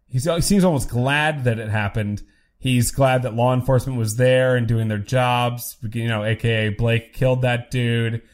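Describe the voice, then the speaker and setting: A young podcast co-host recaps a TV episode in casual conversation, musing and letting sentences trail off. His mid-range voice has fairly even intonation and a moderate pace.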